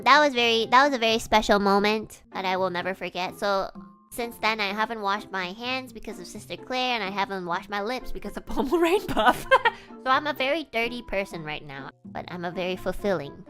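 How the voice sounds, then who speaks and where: A woman's voice: medium pitch, lively intonation, brisk, bright, forceful tone, faint music behind. A young woman streamer telling a story to her chat in a casual, giggly way, full of "like" and "you know".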